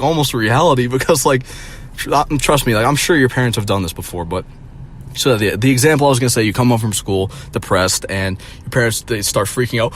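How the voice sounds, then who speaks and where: A man's voice: mid-range voice, slight background noise. Rambling, profane young man vlogging. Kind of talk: casual vlog rant.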